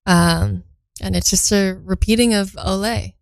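A woman's voice: mid-range voice, fairly even intonation, a little slow, vocal fry, dry recording, low-quality recording. A young woman from Belgium hosting a casual radio show, chatting between songs and thinking aloud as she reads facts for the first time.

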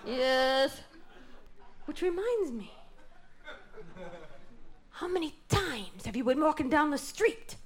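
A woman performing a stand-up comedy routine on stage, delivering absurd one-liners with mock seriousness. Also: mid-range voice. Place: comedy stage before an audience. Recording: noisy live recording.

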